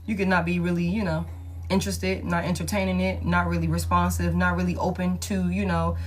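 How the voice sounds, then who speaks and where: A woman's voice: fairly low pitch, level tone, a little fast. Blunt, slangy woman reading tarot. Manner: blunt, slangy, affirming, swears freely. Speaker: tarot reader. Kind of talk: casual collective tarot reading.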